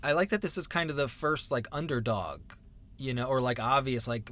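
A playful man chatting casually and tossing out jokes. His voice sits at an ordinary pitch for a man. He talks loosely, with plenty of filler words. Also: moderate pace, fairly bright tone. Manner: playful, riffs in comic voices. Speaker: co-host. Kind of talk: casual podcast chat.

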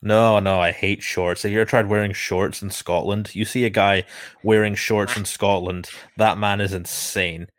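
Casting note: man, casual film-podcast co-host, low voice, blunt and jokey, dry close sound. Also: steady tone, normal speed, dry recording. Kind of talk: casual chat. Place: lives in Scotland.

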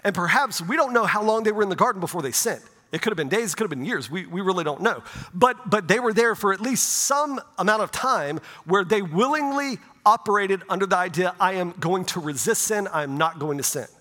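High-voiced pastor preaching in a reverberant church. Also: male voice, animated, fairly quick, pushed and bright. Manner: conversational preaching, often asks "right?". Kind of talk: sermon. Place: church sanctuary.

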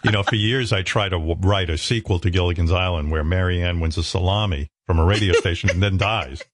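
A man's voice: low voice, fairly quick, no room sound, clean studio sound. A man hosting a radio show, telling stories in a casual, joking way with some swearing. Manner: joking, profane, animated storytelling. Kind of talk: casual chat.

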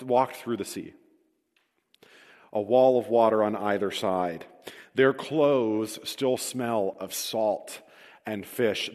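Male pastor, vivid storytelling sermon, wry humor, mid-pitched voice, long hall echo. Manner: storytelling, self-deprecating humor, reads scripture aloud.

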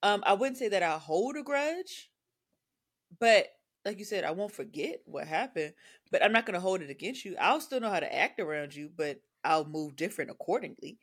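A woman co-hosting a podcast in casual chat, animated and acting out the things people say. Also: medium pitch, moderate pace, husky. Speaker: podcast co-host.

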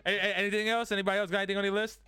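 A man hosts a loose, joking group podcast, talking quickly and laughing often. His voice is bright and crisp, and the room sounds dry. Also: sits high, little pitch movement, no echo. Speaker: podcast host. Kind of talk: casual group chat. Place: studio room with several guests.

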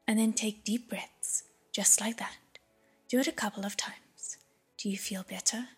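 A woman reading as a gentle, soothing young prince. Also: sits high, normal speed, husky, soft background music, exaggerated voice. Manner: soft and soothing.

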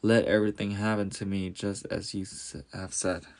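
A man's voice: lowish voice, level tone, normal speed, natural voice. Mary, a humble young village woman, as a man reads her. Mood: earnest. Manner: timid, then joyful.

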